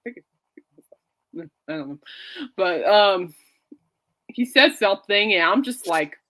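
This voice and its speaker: A woman's voice: medium pitch, expressive, unhurried, pushed and bright. A woman hosting a casual podcast, rambling and laughing often as she chats. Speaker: podcast host. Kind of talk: casual chat.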